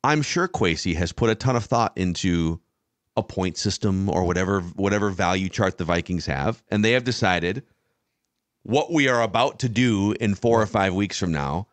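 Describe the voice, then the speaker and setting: A man's voice: lowish voice, dry recording. A man co-hosting a sports podcast, making emphatic points in long run-on stretches. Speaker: podcast co-host. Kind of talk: casual sports chat.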